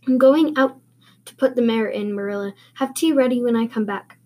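A woman voicing a shy, quiet older farmer who speaks hastily and says little. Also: on the high side, moderate pace, lightly acted. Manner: hasty, few words.

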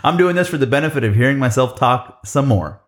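A man's voice: mid-range voice, expressive, brisk. A man co-hosting a podcast who handles the sound levels, dry and blunt in profane banter. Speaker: podcast co-host and sound engineer. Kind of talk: casual banter.

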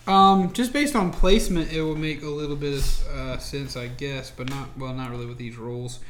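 A man's voice: medium pitch, moderate pace, a bit bright, slight background noise. Rambling game master man. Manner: rambling, many fillers and restarts. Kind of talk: narrating a tabletop game.

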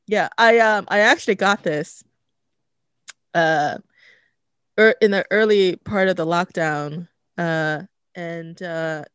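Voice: mid-range voice, slow, fairly bright tone, clean tone, no room sound. Hesitant podcast host, very dry sound. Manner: hesitant, many fillers and restarts. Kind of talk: casual conversation. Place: home recording setup.

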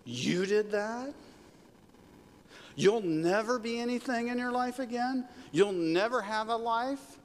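A pastor voicing the devil, who whispers accusations and taunts the listener. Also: male voice, very high voice, expressive, takes it slowly, long reverb tail, pitched above the performer's own voice, heavily acted. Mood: taunting.

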